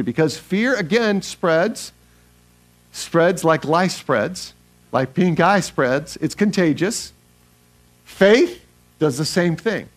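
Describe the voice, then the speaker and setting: Animated male pastor preaching. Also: fairly high pitch. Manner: animated preaching, leads the congregation in reading aloud. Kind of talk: sermon.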